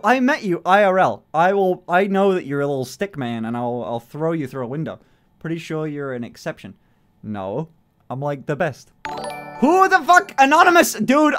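A man's voice: fairly high pitch, expressive, moderate pace, faint music behind. A young man livestreaming, chatting casually with his viewers, joking, swearing and laughing often. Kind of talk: casual chat reading out chat messages.

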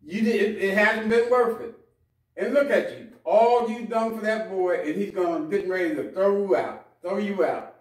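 A man's voice: sits high, moderate pace, natural voice. A preacher voices the devil, mocking and taunting a weeping mother. The sound is roomy and far from the mic. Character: whispering mocking male devil.

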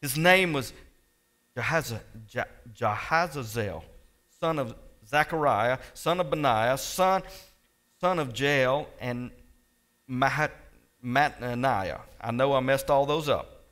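Bright-voiced man preaching a sermon. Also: mid-range voice, slow pace. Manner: preaching with big swings between soft and loud; talks directly to the congregation. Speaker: pastor.

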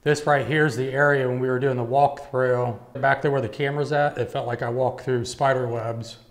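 A man investigating an abandoned building alone at night, talking to camera and calling out to spirits in a hushed, jumpy way. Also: mid-range voice, fairly even intonation, moderate pace, rough recording. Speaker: paranormal investigator. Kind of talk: solo ghost-hunt narration to camera.

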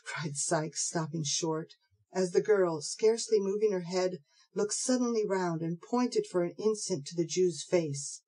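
A woman narrating an audiobook of a classic novel in a steady, measured way. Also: lowish voice, slightly rough, rough recording. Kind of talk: scripted narration.

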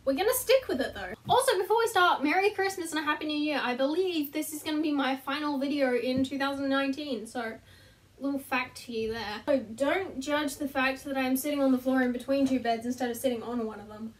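A woman's voice: high-pitched, a little fast, recorded from a distance. A young woman chatting casually to camera from her bedroom floor, self-deprecating and laughing at herself. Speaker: vlogger. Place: bedroom, sitting on the floor between two beds.

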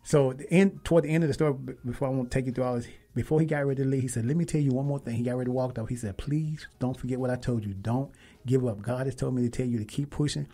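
A man hosting a radio talk show, telling a story with lively, emphatic quoted dialogue. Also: mid-range voice, very fast, hardly any pauses. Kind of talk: casual storytelling and interview.

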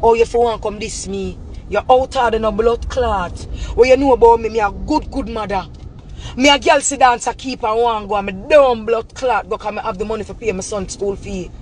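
A woman's voice: fairly high pitch, normal speed, darkish tone, slight background noise. A woman with a Jamaican Patois accent delivering an angry, profane, repetitive rant straight to camera. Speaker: vlogger.

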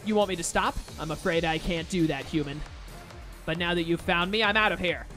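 A man's voice: a little high, a little fast, pushed and bright, soft background music. A man voicing a haughty, mocking sea-creature monster in a video game, read aloud in his own voice. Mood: taunting.

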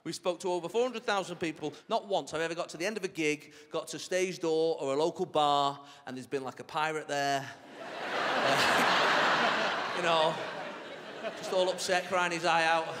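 A man doing a live stand-up routine on a theatre stage, chatty and animated, with mock-outraged asides. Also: fairly high pitch, moderate pace, a little hiss or hum. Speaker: stand-up comedian. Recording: reverberant theatre with crowd laughter. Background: audience laughter.

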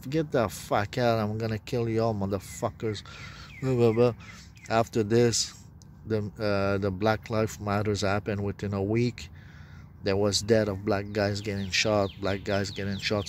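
A man's voice: lowish voice, slight background noise. A man telling a rambling personal story, profane and meandering, with broken grammar. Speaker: self-described prophet.

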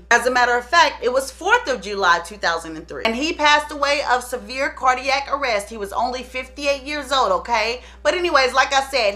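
Woman gossip host, animated chatty storytelling, high voice, bright tone. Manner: animated, chatty, talks straight to viewers.

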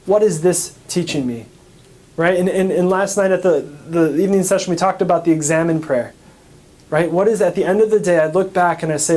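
Brief: American male priest, fairly high voice, chatty teaching tone, asks and answers his own questions. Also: a little mellow. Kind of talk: recap of a parish teaching talk.

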